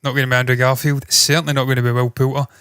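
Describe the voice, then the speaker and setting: A man's voice: mid-range voice, flat delivery, racing, fairly bright tone, clean tone, no room sound, studio quality. A man hosting entertainment news, giving blunt, opinionated commentary with frequent swearing.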